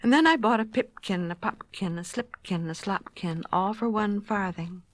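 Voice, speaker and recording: A woman voicing a chorus of tiny, cheeky tailor mice, chanting nursery rhymes brightly. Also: medium pitch, normal speed, natural voice. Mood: merry.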